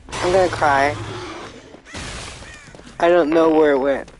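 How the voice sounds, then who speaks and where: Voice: medium pitch, steady tone, unhurried, pauses often, darkish tone, a little hiss or hum, low-quality recording. A live streamer chatting casually and rambling through gameplay commentary, sometimes swearing when frustrated.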